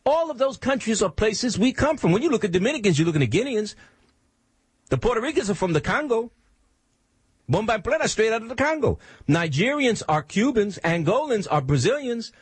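A man's voice: high-pitched, big pitch swings, a little fast, slightly rough, dry recording. A man hosting a radio show, talking in an emphatic, preachy monologue full of rhetorical questions. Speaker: radio host.

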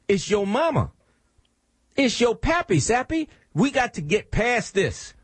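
A man's voice: very high-pitched, big pitch swings, unhurried, dry recording. A man hosting a radio show, talking in an emphatic, preachy monologue full of rhetorical questions. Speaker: radio host.

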